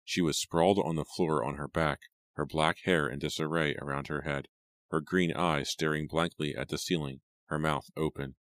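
A man reading an audiobook in a steady, measured storytelling manner. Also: rumbling low, no echo. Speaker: audiobook narrator. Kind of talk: scripted narration.

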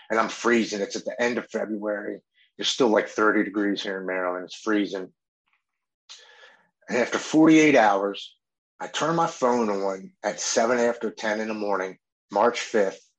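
A man's voice: lowish voice, fairly bright tone, low-quality recording. A man giving a candid personal testimony in an earnest storytelling manner, often stumbling over restarts. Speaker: speaker sharing his recovery story.

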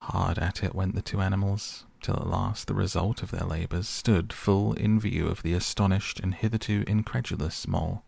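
A man reads a bedtime storybook in a soft, unhurried way. His voice is very deep with a gravelly fry. It is recorded close and dry, with no room sound. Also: fairly even intonation, no room sound. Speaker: podcast audiobook reader. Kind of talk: soft bedtime audiobook reading.

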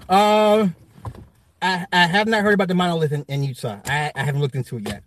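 Excitable high-voiced man ranting. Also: brisk. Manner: profane, rambling, laughs often. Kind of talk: casual rant.

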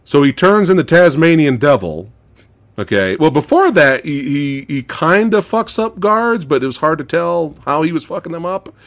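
A male podcast host chatting casually about a movie, animated, swearing freely, laughing often and acting out movie lines. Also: on the high side, normal speed. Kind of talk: casual movie review chat.

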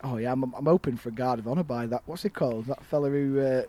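A man with a Leeds accent co-hosting a casual chat in a back garden, excitable with loud bursts of elation. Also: mid-range voice, quick pace. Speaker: podcast co-host. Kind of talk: casual celebratory chat among friends.

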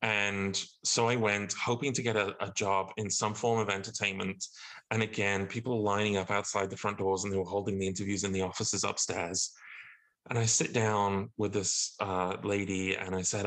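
A man with a British accent casually telling a story, animated and acting out the people he quotes, his pitch jumping up when outraged. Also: normal speed, low-quality recording. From Britain.

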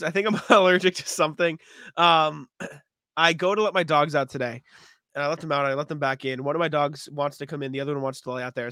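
A man's voice: on the high side, sharp tone, no room sound, clean studio sound. A young man co-hosting a casual sports podcast, sniffly from allergies, laughing often and joking loosely. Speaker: podcast co-host.

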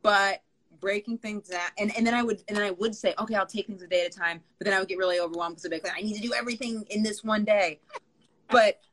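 Fast-talking woman guest. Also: mid-range voice, fairly even intonation, a bit bright, rough recording. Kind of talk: casual chat.

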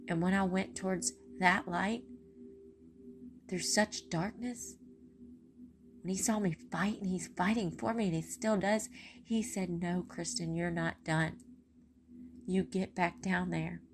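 A woman's voice: on the low side, steady tone, slight background noise. A tired woman giving an earnest, emotional personal testimony on a podcast. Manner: earnest, heartfelt, preachy, with pauses. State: tired, voice going.

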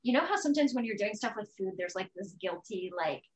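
A woman appears as a podcast guest in a candid conversational interview, speaking openly and with animation and often acting out the harsh voices in her head. Her voice is medium-pitched and quick, in a low-quality recording with slight background noise.

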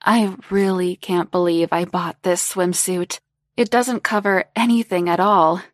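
A woman voicing a confident, teasing older woman who speaks in a slow, purring, coaxing way. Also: on the low side, steady tone, no echo, clean studio sound, close to an everyday voice.

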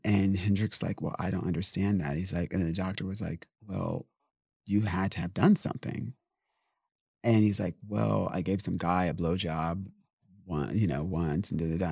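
A man appears as an interview guest, telling a personal story bluntly and candidly, rambling, swearing, and acting out quotes. His low, gravelly voice has a darkish tone and a breathy edge. The recording is studio quality with no echo.

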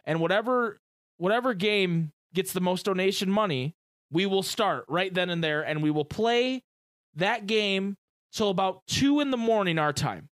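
A chatty man co-hosting a casual podcast, his voice high and swooping all over the place. He talks excitedly in gamer slang. The sound is dry and close. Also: normal speed, dry recording. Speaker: podcast co-host. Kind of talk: casual chat.

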